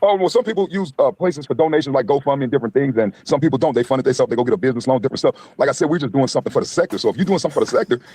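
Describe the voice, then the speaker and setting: A man, arguing fast and mockingly on a livestream panel, cutting in and cursing. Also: medium pitch, expressive, a little mellow, husky, no room sound. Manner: fast, interrupting, profane, mocking. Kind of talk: heated livestream panel argument.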